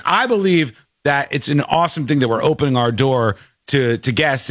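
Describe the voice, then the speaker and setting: A man from the United States hosting a casual talk show, speaking in a lively, animated way with frequent laughter. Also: medium pitch, no room sound, clean studio sound. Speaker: podcast host. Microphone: studio mic.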